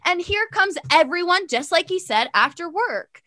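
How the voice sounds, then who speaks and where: A young woman telling a long personal story in casual chat, sassy and animated, full of fillers and quoted dialogue. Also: extremely high pitch, moderate pace, dry recording.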